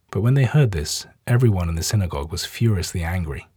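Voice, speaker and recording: A man narrating a Bible passage in a steady, measured reading. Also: deep voice, breathy edge, dry recording, studio quality. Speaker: scripture reader.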